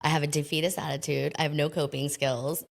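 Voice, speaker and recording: A woman's voice: deep voice, little pitch movement, quick pace, creaky. A woman from the United States, a podcast guest telling her life story in a candid, chatty way with self-deprecating humor. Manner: candid and chatty, often acting out quoted voices. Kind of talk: casual interview storytelling.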